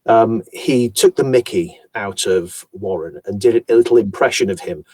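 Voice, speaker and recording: A man from Yorkshire, an audiobook narrator, chatting about his voice work in an animated storytelling manner. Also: on the low side, normal speed, dry recording. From Yorkshire, England. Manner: animated, chatty storyteller who slips into accents. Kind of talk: casual conversation about voice work.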